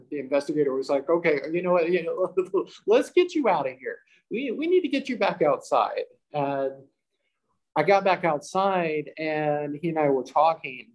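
Guy with a husky, kinda high voice telling a ghost story, acts out all the quotes, laughs a lot. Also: rough recording. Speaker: storyteller recounting a paranormal investigation. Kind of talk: animated first-person storytelling.

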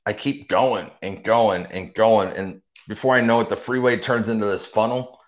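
A man's voice: fairly low pitch, fairly even intonation, normal speed. A young man telling his story in a casual, rambling way, full of fillers and restarts. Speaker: interview guest. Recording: dull lo-fi audio.

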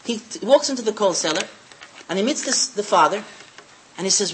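Bright, animated woman lecturer. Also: mid-range voice, brisk, a little hiss or hum, rough recording. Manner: animated storyteller, emphatic, repeats phrases. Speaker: religious lecturer. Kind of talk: Torah lecture with storytelling.

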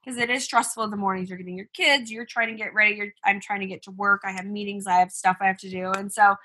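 A woman in her thirties, a mother and business owner, telling stories in a chatty, animated way with many fillers as a podcast co-host. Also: medium pitch, fast. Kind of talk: casual chat.

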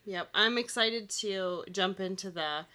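An American woman co-hosting a casual podcast. She has a bright, crisp voice with a middle pitch, and she teases her co-host with playful jabs and quick yeps. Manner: quick agreeing interjections, playful teasing. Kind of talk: casual chat.

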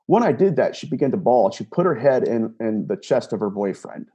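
A man's voice: medium pitch, very animated, a little fast, few pauses, mellow, breathy edge. A man telling a personal story in an earnest, casual way, recounting a conversation line by line with many repeated words and restarts. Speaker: self-described empath telling a personal story.

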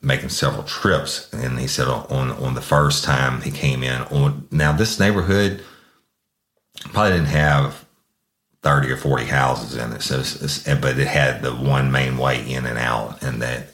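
A man's voice: a bass voice, steady tone, measured pace, fairly bright tone, reverberant. A man telling a true-crime story in casual, profane, folksy talk, often calling his listeners y'all. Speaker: podcast host telling a case story.

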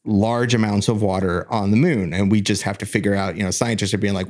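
Casting: lower-voiced male podcast co-host, explanatory, halting delivery. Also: steady tone, darkish tone. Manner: explanatory, hesitant with fillers and restarts. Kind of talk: casual podcast chat.

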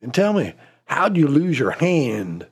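Give me a sympathetic bar patron, as a man puts him on, asking courteous questions in a gravelly voice. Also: a little high, very animated, slow pace, full character voice.

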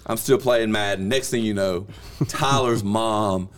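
A man, hosting a podcast and telling a story in a lively, laughing way that bursts into yelling. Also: lowish voice, unhurried. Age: 30s. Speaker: podcast host. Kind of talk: casual storytelling chat.

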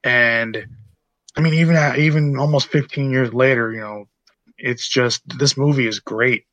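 A man's voice: mid-range voice, fairly even intonation, moderate pace, a bit bright, no echo, muffled recording. A man in his late twenties co-hosting a podcast, chatting casually about a movie in a rambling way full of fillers and restarts. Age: late 20s. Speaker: podcast co-host. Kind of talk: casual movie-review chat.

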